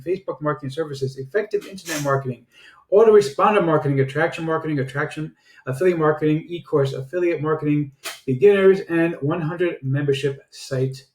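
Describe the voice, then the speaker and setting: Chatty salesy man in an echoey room. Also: darkish tone. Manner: chatty sales pitch with frequent filler "uh"s. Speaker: online marketer reviewing software. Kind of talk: casual product review screencast. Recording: roomy echo.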